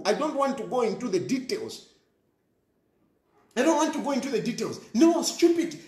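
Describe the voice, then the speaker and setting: A man's voice: extremely high pitch, echoey room. A man with a Zambian accent ranting scornfully in a monologue, repeating himself and scoffing. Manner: ranting, scornful, repeats phrases, mixes in local words. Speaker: commentator. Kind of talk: impassioned monologue.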